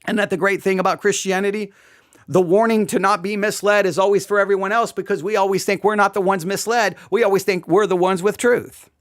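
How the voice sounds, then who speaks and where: A man's voice: high-pitched, steady tone, a little fast, a bit bright. A man hosting commentary on a sermon clip, sarcastic and mocking. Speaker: host.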